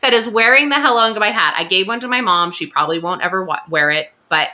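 Bright, lively Valley Girl woman. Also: mid-range voice, fast. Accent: Californian Valley Girl. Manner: chatty, peppered with "like", giggly. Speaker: podcast co-host. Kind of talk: casual chat and ad read.

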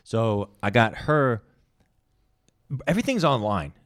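Man telling a story, lively pitch, dry sound. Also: takes it slowly, dry recording. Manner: storytelling, swears freely, acts out quotes. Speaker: podcast host. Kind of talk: casual crude podcast chat.

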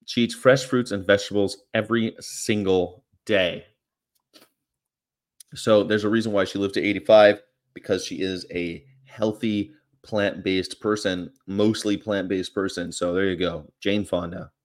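A man's voice: sits low, fairly even intonation, measured pace. Rambling, offhand male vlogger. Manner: offhand, rambling, crude, jokey asides. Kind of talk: casual rambling monologue.

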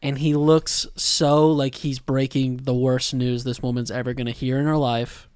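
A man co-hosting a casual anime recap podcast, telling stories with animated emphasis and quoting his own reactions. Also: mid-range voice, moderate pace, clear, resonant tone, no echo, clean studio sound. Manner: animated storytelling, quotes himself. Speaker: podcast co-host.

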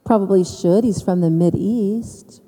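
A woman telling her personal faith story to an audience, with dramatic pauses and emphasis. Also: mid-range voice, dark tone, breathy edge, big-room sound. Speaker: speaker giving faith testimony. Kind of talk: personal testimony speech.

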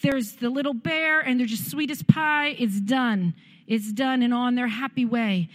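A woman's voice: a little high, a little slow. A woman pastor preaching and praying fervently at a church service, with music behind her. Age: adult parent. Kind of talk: sermon and prayer.

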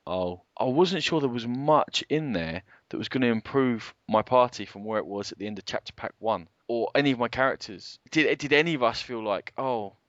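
A man's voice: mid-range voice, lively intonation, fairly quick, hardly any pauses, a bit bright, no room sound. A man co-hosting a podcast about games, talking casually at length and with emphasis. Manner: talkative, rambling, emphatic. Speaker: co-host. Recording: dull lo-fi podcast audio.

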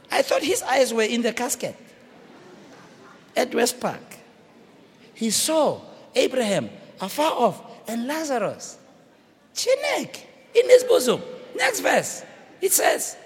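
A man with a South African accent preaching a sermon, shouting and dramatic, switching between languages. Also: extremely high pitch, wildly swooping pitch, a little slow, vocal fry, long pauses. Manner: fiery, shouting, code-switching, theatrical. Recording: reverberant hall with faint noise.

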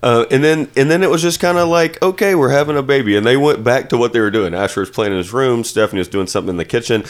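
A man's voice: mid-range voice, quick pace. A man co-hosting a podcast, telling a story with laughter, his voice jumping up when he quotes himself. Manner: animated, laughing, voice jumps up when quoting himself. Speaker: podcast co-host. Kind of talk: casual chat.

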